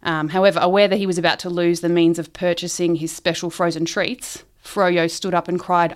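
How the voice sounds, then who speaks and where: A woman telling a long shaggy dog joke in casual chat. Her voice sits a little low, and she keeps giggling and wandering through her setup with ums and false starts. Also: little pitch movement, brisk, few pauses. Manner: giggly, rambling, with many ums and restarts. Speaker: joke teller.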